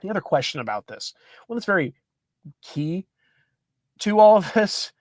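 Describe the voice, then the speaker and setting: A Catholic commentator from the United States reading an article aloud and commenting on it with sardonic asides. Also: male voice, sits high, normal speed, no room sound, clean studio sound. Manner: animated, sardonic, laughs at his own reading.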